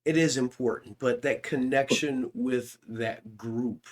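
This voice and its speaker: A man hosting a podcast interview, talking in a reflective, halting way with small restarts. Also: mid-range voice, fairly even intonation. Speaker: podcast host. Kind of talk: casual interview chat.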